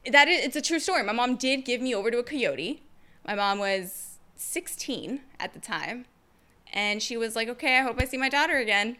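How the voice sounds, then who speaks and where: A young woman telling her personal story to camera in a casual, energetic way, expressive and quick, with playful asides. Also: fairly high pitch. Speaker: vlogger sharing her story.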